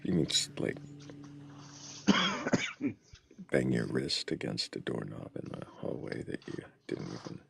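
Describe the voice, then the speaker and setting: A man's voice: a bass voice, big pitch swings, slow pace, creaky, pauses often, fairly bright tone. A man co-hosting a casual live stream, making dry, wry asides. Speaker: co-host.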